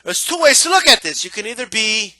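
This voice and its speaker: A man giving a casual, animated monologue about how he watches boxing, often asking "right?". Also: sits high, brisk, dry recording. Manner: animated, acts out yelling crowd members, repeats "right?". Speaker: boxing commentator.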